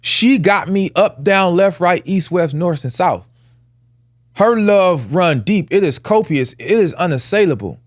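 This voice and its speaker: A man holds forth on a casual podcast, stacking his points through repetition like a sermon. His voice sits slightly high and the sound is dry and close, with no room around it. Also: lively intonation, a little slow, dry recording. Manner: emphatic and preachy, builds points through repetition and lists; blunt, plainspoken vernacular. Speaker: podcast co-host. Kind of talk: casual chat.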